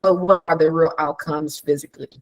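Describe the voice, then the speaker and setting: A woman in casual chat, telling stories with animated energy, acting out quoted dialogue, laughing often and asking rhetorical questions. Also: deep voice, brisk, low-quality recording.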